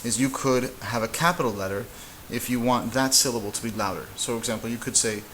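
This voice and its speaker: A man teaching a casual whiteboard lesson, relaxed and halting, with frequent fillers and restarts. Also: mid-range voice, background noise. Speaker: Spanish teacher.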